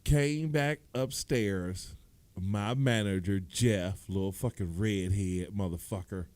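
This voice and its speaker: A man with a Detroit accent telling a loud, animated stand-up story, acting out the people in it and laughing often. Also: fairly low pitch, slow, dry recording. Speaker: stand-up comedian.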